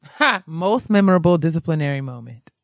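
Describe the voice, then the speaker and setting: A woman's voice: sits low, lively intonation, fairly quick, vocal fry, no echo, clean studio sound. A woman co-hosting a podcast in casual chat, reacting often with exclamations. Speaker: podcast co-host.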